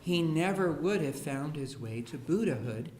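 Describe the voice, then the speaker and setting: A man telling funny classroom stories to an audience, slipping into the voices of the people he quotes. His voice sits a little high for a man. He is recorded in an echoey school hall with a faint hiss behind him. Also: lively intonation, moderate pace, darkish tone. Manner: humorous storyteller, acts out quoted children and parents. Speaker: speaker on education. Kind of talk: public talk to an audience.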